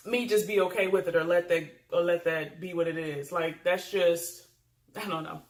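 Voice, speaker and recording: A woman's voice: fairly low pitch, fairly bright tone. A woman vlogger giving casual advice to camera, chatty and emphatic, with frequent fillers. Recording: roomy echo.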